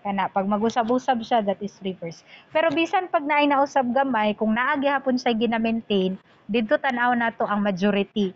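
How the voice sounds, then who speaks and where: A woman's voice: a little high, fairly quick, dull audio. A woman teacher giving an online lecture, explaining terms and switching between English and Cebuano.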